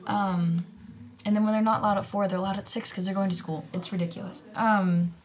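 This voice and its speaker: A woman's voice: medium pitch, fairly even intonation, a little fast, slight background noise. An American woman telling a story in a chatty, casual way, full of fillers and with whispered asides. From United States. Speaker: vlogger.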